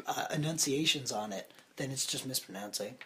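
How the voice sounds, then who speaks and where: A man's voice: mid-range voice, a little fast, fairly bright tone. A young man co-hosting a podcast in casual chat, sick, playful and laughing often. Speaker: podcast co-host.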